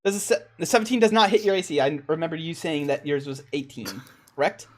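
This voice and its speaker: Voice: mid-range voice, expressive, fast talker. A laid-back dungeon master running a tabletop game over voice chat, often laughing. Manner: easygoing, breaks into laughter.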